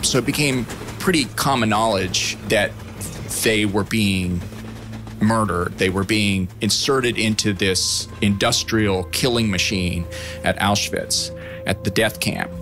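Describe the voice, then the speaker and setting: A man's voice: fairly low pitch, slow pace, music in the background. A man giving a plain, conversational explanation in an interview, with a few restarts. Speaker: former intelligence officer interviewee.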